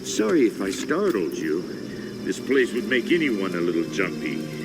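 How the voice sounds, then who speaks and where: A creepy, overly polite stranger. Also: male voice, on the low side, very animated, normal speed. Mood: ingratiating. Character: soft-spoken male cult leader posing as teacher. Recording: game audio under music.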